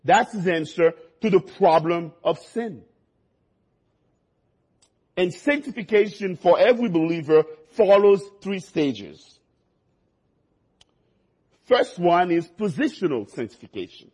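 A man preaching a sermon, his delivery swinging between quiet, low passages and rising, emphatic stretches. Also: animated, takes it slowly, long pauses, slightly rough. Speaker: pastor.

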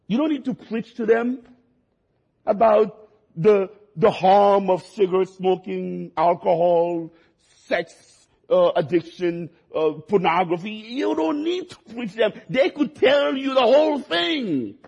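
A man preaching a sermon, his delivery swinging between quiet, low passages and rising, emphatic stretches. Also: slow pace, creaky, breathy edge, lo-fi sound. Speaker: pastor.

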